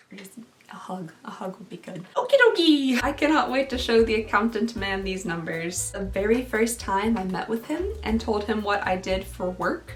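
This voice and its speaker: A chatty young woman with a fairly high voice talks casually to camera, poking fun at herself as she goes. She sits a little back from the microphone, and faint music plays underneath. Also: recorded from a distance. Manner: chatty and self-mocking, laughs between sums. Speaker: beauty vlogger.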